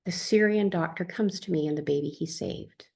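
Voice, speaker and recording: A woman calmly reading her own first-person account as a therapist, in a soft, tender manner. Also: low voice, normal speed, vocal fry, breathy edge.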